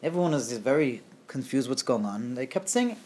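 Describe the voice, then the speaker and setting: A man telling a Hasidic tale in a lively, repetitive way, sprinkling in Yiddish and Hebrew words. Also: mid-range voice, brisk, breathy edge. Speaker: storyteller. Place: community near Woodmere.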